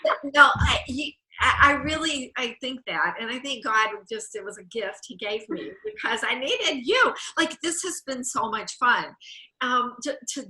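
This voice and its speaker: Woman host, bright effusive voice, church devotional chat on a video call, emotional. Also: on the high side, animated, normal speed, rough recording. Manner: emotional, tearful at times, warm and effusive. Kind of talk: heartfelt video-call conversation.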